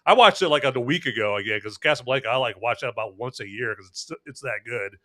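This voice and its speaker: A man's voice: medium pitch, fast talker, fairly bright tone. A man hosting a casual podcast chat about movies, chatty and full of fillers. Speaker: podcast host.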